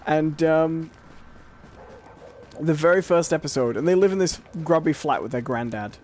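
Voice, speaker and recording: Laid-back British man, higher voice. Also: normal speed, slight background noise. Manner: storytelling, relaxed with fillers. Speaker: podcast co-host. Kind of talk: casual podcast chat.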